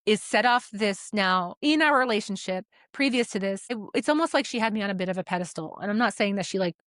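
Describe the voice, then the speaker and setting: A woman's voice: medium pitch, quick pace, no echo. A podcast co-host, a woman, recounts a falling-out in easygoing conversation. She acts out what each person said. Her voice sits in the middle of the range and sounds dry and close to the mic, with no room sound. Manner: animated retelling, acts out quoted dialogue, swears casually. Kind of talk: casual storytelling chat.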